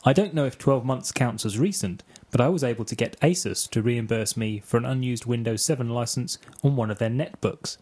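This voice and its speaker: A man's voice: mid-range voice, brisk, hardly any pauses, darkish tone, breathy edge. A man co-hosting a tech podcast, bantering jokingly and reading listener emails aloud. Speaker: podcast co-host.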